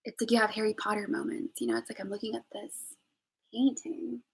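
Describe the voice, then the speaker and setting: A young woman telling a personal story on a live stream, candid and emotional, swinging between loud outbursts and hushed whispers. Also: mid-range voice, lively intonation, a little fast, creaky, slightly rough, rough recording. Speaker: vlogger.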